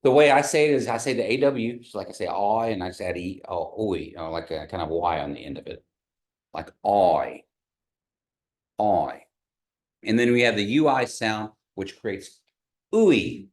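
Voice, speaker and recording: Low-voiced man teaching pronunciation. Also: animated. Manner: patient, models sounds slowly and has the class repeat. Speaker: language teacher. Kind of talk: classroom pronunciation lesson. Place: classroom with a group of learners.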